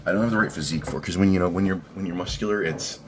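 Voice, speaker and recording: A man's voice: low voice, very fast, a little hiss or hum. A man talking in a casual rambling vlog, profane and laughing at his own stories. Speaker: fitness vlogger and coach.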